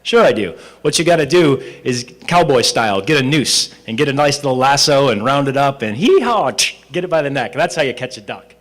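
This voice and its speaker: A man voicing a gruff, argumentative middle-aged vagrant bickering with his friends in a park. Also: medium pitch, brisk, fairly bright tone, close to an everyday voice. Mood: boastful. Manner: boastful, argumentative, raised voice.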